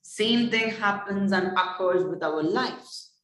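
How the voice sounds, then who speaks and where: Male soft-skills coach, unhurried rhetorical lecture, wavy emphatic pitch, mic set back in a reverberant room. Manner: rhetorical, keeps addressing the listener as "my friend". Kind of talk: motivational lecture. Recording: echoey room, distant mic.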